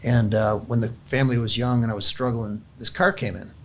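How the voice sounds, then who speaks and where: A man's voice: medium pitch, steady tone, fairly quick. Earnest man telling his testimony. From California. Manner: earnest storyteller, many restarts. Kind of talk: casual testimony chat.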